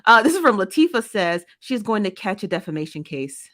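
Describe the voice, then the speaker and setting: A woman's voice: mid-range voice, sing-song, brisk, fairly bright tone. A woman hosting a casual commentary show, reading viewer comments and making her points emphatically, often repeating herself and checking in with "okay?" and "right?".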